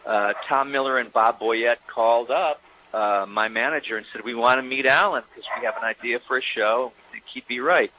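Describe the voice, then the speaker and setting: A man interviewed about his acting career, telling stories in a hesitant, self-deprecating way with lots of pauses. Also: mid-range voice, bright, forceful tone, a little hiss or hum, rough recording. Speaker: actor recalling a career. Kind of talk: casual interview anecdote.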